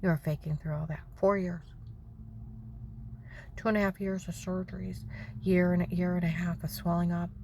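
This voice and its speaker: Her voice low, gravelly, and mellow, a vlogger delivers an indignant, rambling rant about her own life, frequently dropping to a whisper. She keeps a level tone at a moderate pace, pausing often, over faint background noise.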